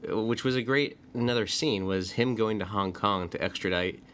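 A man's voice: on the low side, moderate pace, a bit bright. A man casually discussing a movie as a podcast co-host, chatty and talkative. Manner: chatty, quotes scenes with put-on voices. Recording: faint background noise.

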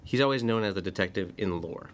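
Man, casual movie chat, slightly low pitch, faint background hiss. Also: quick pace. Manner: chatty, quotes scenes with put-on voices. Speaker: podcast co-host.

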